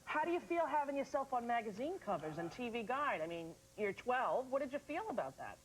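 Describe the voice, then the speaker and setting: A woman's voice: fairly high pitch, sing-song, brisk, rough recording. A woman hosting a TV talk show interview in a studio, chatty and playfully teasing.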